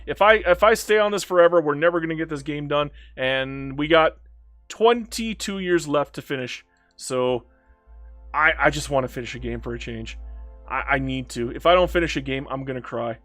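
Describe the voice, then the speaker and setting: A man's voice: on the high side, brisk, fairly bright tone, no echo, soft background music. A man giving casual live-stream commentary on a strategy game, chatty and swearing, talking back to the game and to chat.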